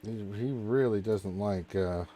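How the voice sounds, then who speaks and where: A man's voice: lowish voice, slow, warm tone, slight background noise. A man hosting a casual gaming live stream, talking while he plays and groaning at the game. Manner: distracted, exclaiming while playing a game.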